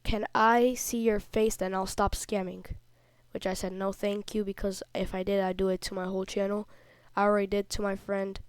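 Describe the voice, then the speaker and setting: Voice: mid-range voice, completely flat delivery, fairly quick, clean tone, dry recording. Indignant, slightly sick kid vlogger. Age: child, before puberty. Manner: rambling, indignant storytelling. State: a little sick. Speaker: video creator. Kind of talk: casual vlog commentary over screenshots.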